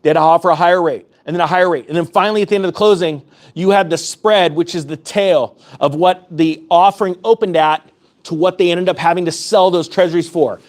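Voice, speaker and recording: This YouTube host's voice sits high, with a steady tone and a fast pace. He addresses the camera with heated, urgent finance commentary, repeating himself for emphasis.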